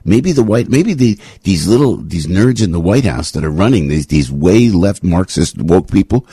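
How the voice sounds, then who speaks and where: A man hosting a talk radio show, delivering an opinionated rant that keeps repeating itself and suddenly leaps up into a high pitch. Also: animated, normal speed, hardly any pauses, warm tone, slightly rough, dry recording. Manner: ranting, repetitive, sudden jumps to a high pitch. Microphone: studio radio microphone.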